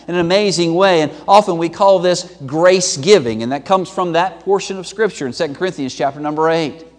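A pastor delivers a sermon in a high, bright voice, swinging between loud emphatic peaks and hushed low drops. His voice rings out with a long hall reverb behind it, as in a church sanctuary. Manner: emphatic preaching with sweeping pitch and loudness swings.

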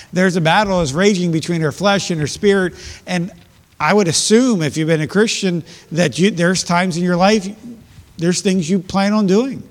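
Man, pastor, fairly high voice, earnest sermon delivery, rising emphatic peaks, long church-hall reverb.

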